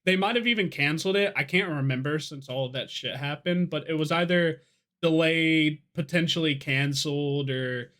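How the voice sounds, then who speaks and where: A man's voice: on the high side, normal speed, sharp tone. A young man co-hosting a casual drinking podcast, tipsy, rambling and profane, laughing often. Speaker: podcast co-host.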